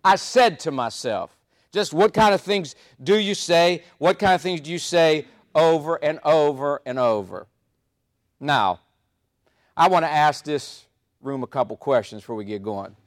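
A man's voice: a little high, unhurried. A man speaking live on stage to an audience as a motivational speaker, telling stories with punchy repetition. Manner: animated storytelling with punchy repetition.

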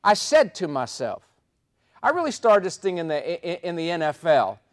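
A man's voice: a little high, moderate pace. A man speaking live on stage to an audience as a motivational speaker, telling stories with punchy repetition. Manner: animated storytelling with punchy repetition.

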